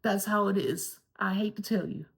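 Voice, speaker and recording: A woman's voice: mid-range voice, moderate pace, gravelly. A woman from Florida giving a candid, gossipy recap of a TV episode and swearing casually along the way. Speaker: TV review vlogger.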